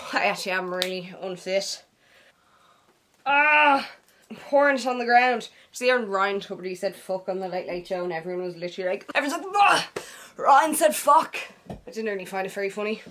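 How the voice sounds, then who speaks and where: Talking fast in a medium-pitched, slightly bright voice, a young woman with an Irish accent films a get-ready-with-me beauty vlog in her bedroom. She keeps it casual and playful, full of slang and invented silly words.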